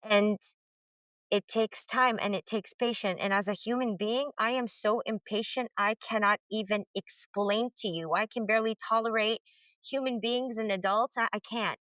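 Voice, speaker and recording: A woman's voice: mid-range voice, normal speed, no room sound. Emphatic woman teacher telling her story. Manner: emphatic, animated, acts out quoted dialogue. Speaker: middle school teacher, guest. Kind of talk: candid personal storytelling.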